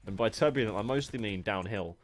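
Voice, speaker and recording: Low-voiced English esports caster. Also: male voice, slight background noise. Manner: joking banter, then brisk play-by-play. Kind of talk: live match commentary.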